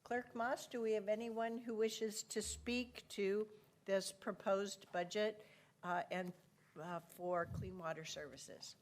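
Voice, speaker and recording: A woman's voice: mid-range voice, steady tone, takes it slowly. A woman with a cough chairing a public board meeting, courteous and procedural. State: has a cough.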